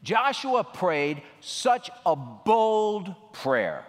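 A man preaching a sermon as a pastor, animated and emphatic, repeating phrases and swinging his voice up and down. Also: high-pitched, very slow. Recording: long reverb of a large hall.

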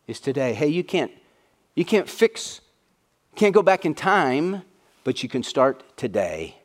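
A man's voice: on the high side, big pitch swings, measured pace. A middle-aged man preaching a sermon to fathers, earnest and repeating key phrases for emphasis. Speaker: pastor.

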